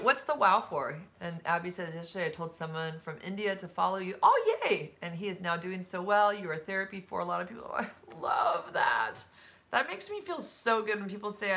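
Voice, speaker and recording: Low-voiced woman on a live stream, bright tone, chatty and open, reads comments out. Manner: chatty and candid, with frequent fillers and laughs. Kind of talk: casual live-stream chat, reading viewer comments.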